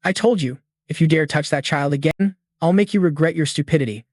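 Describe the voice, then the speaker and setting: A man's voice: fairly high pitch, a little fast, no room sound, clean studio sound, lightly acted. A man reading as a stern cavalry commander. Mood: cold. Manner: cold, firm.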